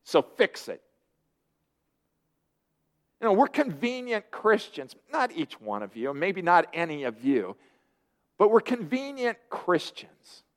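A man preaching a sermon, lively and earnest, often acting out the voices of people he quotes. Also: high-pitched, measured pace. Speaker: pastor.

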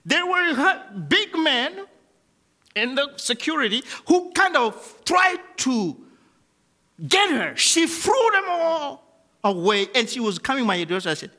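A man preaching a sermon, swinging between loud emphatic peaks and quiet low lines, and leading the congregation in spoken declarations. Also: big pitch swings, unhurried. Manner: leads the congregation in call-and-response declarations.

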